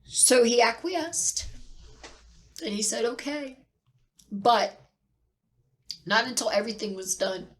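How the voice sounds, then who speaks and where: A middle-aged woman telling a personal story near tears, halting and repeating herself with pauses. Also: a little high, lively intonation. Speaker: vlogger sharing personal loss. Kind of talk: tearful personal account.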